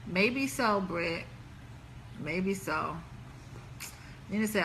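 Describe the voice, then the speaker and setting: Chatty bright-voiced woman on a live stream. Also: medium pitch, slow, long pauses, a little hiss or hum. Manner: chatty, laughing, talks straight to viewers. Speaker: host of a live relationship stream. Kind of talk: casual live-stream chat reading comments.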